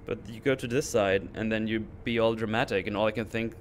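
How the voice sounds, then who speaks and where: A man's voice: lowish voice, a little fast, a little hiss or hum. Sarcastic ranting man. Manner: animated, sarcastic, mocking voices. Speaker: channel host. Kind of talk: casual ranting recap.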